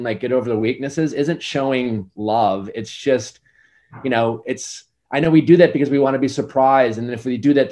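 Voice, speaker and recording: A man's voice: medium pitch, a little mellow. Earnest rambling man giving dating advice. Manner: rambling, filler-heavy, earnest. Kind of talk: casual podcast advice chat.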